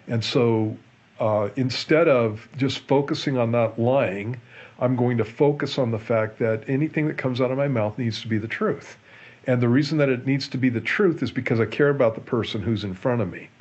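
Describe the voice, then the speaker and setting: A man, a pastor, explaining a Bible passage in a relaxed Q&A show, earnest and often restarting and repeating his words. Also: medium pitch, husky, dull audio. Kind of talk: conversational Bible teaching in a Q&A show.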